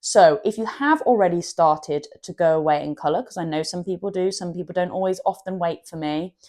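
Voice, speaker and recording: Woman, art-channel host, chatty and self-deprecating tutorial voice, sits a little low.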